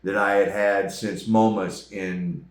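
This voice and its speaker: A man hosting a travel vlog, chatting casually about restaurants in a relaxed, rambling way. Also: lowish voice, slow pace, reverberant. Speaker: host. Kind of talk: casual chat reviewing restaurants.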